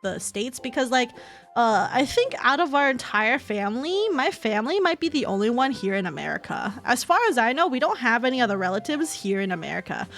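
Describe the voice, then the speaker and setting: A woman's voice: a little high, sing-song, a little fast, fairly bright tone, soft background music. A young adult woman streaming, chatting casually with viewers, rambling, laughing often and swearing casually. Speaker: VTuber streamer. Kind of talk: casual chat with viewers while reading chat.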